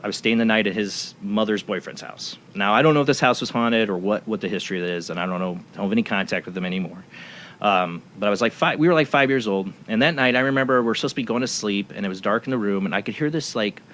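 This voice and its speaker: A man's voice: on the low side, fast, fairly bright tone, a little hiss or hum. Rambling male talk show host. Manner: rambling storytelling with many restarts. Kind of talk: casual radio talk show chat.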